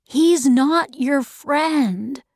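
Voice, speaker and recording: A woman voicing a kind teenage boy who speaks quietly and earnestly in an audiobook. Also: sits high, drawn-out words, dry recording, clean studio sound, pitched above the performer's own voice, heavily acted. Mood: gentle.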